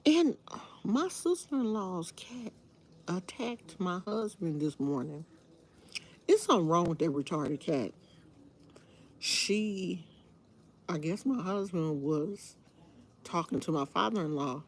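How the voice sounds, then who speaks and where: A woman hosting a live stream, telling a story in a casual, animated way and laughing often. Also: on the low side, slow, long pauses, slight background noise.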